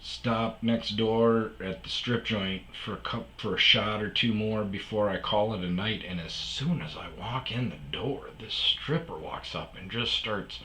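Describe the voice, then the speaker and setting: A man's voice: fairly low pitch, unhurried, few pauses, pushed and bright, echoey room, a little hiss or hum, poor audio. A man hosting his own podcast, telling a rambling casual story full of fillers and asides. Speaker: podcast host. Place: sparse room at home.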